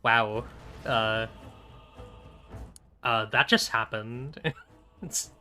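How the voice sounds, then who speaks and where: A man's voice: mid-range voice, very slow, sharp tone, soft background music. A young man streaming a video game, chatting casually, joking, laughing often and swearing. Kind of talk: live gaming commentary.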